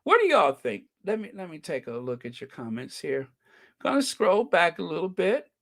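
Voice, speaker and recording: A man hosting a casual livestream, chatting about news in a sarcastic, gossipy, animated way and laughing often. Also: high-pitched, moderate pace, creaky. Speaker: livestream host.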